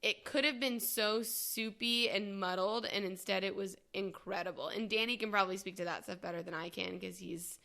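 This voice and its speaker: Woman, bright tone, casual chatty film review, laughs easily. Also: medium pitch, fairly even intonation, normal speed, vocal fry, few pauses. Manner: enthusiastic, laughs often. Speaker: co-host. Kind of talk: casual movie review chat.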